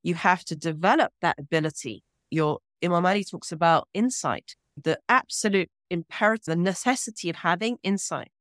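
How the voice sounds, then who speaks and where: A woman from Britain, a guest scholar speaking in a measured, earnest way with deliberate pauses in an interview. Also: on the low side, no room sound, clean studio sound. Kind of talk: reflective interview talk.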